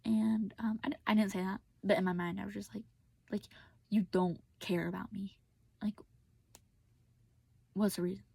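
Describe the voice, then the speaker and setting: Husky young woman venting her story. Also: mid-range voice, fairly even intonation, normal speed, long pauses, warm tone, no echo. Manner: casual, venting, many fillers, drops to whispers. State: tearful. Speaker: vlogger telling a personal story. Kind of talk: personal storytelling vent.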